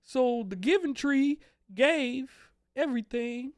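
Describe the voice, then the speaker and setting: A woman with a high-pitched voice hosts a relaxed comedy chat. She rambles through her stories and laughs along with her guests. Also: slow pace. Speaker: show host.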